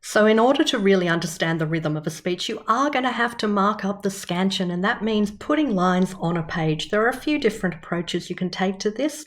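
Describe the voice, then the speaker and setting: Low-voiced woman teaching verse rhythm. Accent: Australian. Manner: clear, measured, rhythmic when tapping out beats. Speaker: Shakespeare teacher. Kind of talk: scripted instructional explanation.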